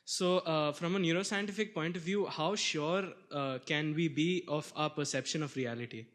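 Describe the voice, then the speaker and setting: A man's voice: on the high side, moderate pace, a bit bright. Young man politely asking a question. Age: young adult. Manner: polite, hesitant with many fillers. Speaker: student in the audience.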